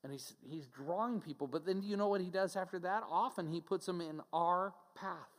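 A man's voice: high voice, fairly quick. A man preaching a sermon as pastor, earnest and direct, speaking conversationally and now and then mocking a scoffer. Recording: long hall reverb.

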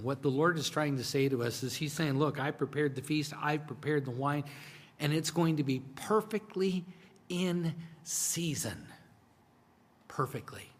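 A man preaching a sermon in a conversational style, swinging between hushed, drawn-out lines and emphatic bursts. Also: a little high. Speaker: pastor. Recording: long hall reverb.

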